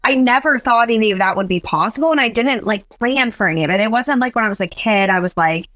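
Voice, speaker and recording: A bubbly young woman from Pittsburgh talks as a podcast guest, gushing and full of fillers. Her voice sits a little high. The recording is close and dry, with no room sound. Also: quick pace, fairly bright tone, dry recording. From Pittsburgh, Western Pennsylvania. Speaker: guest, beauty school admissions director. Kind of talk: casual podcast interview.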